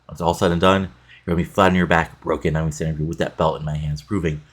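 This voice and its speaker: A man's voice: rumbling low, little pitch movement, fast. A man reading as a trash-talking brawler challenger. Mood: taunting. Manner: trash-talking, read aloud plainly. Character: boastful male brawler challenging the champion.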